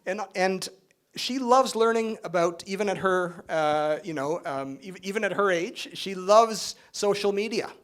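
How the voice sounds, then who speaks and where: This awards-event keynote comes from a middle-aged man, originally from Spain and raised in Canada, whose high voice moves unhurriedly. He talks conversationally, leaning on frequent fillers and tag questions and tossing in joking asides.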